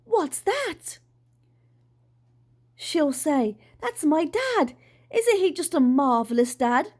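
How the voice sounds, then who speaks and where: A woman voicing an excitable, dreamy dad who believes he is a birdman, talking in an eager, breathless way. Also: slow pace, heavily acted. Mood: excited. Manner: eager, breathless, high and loud.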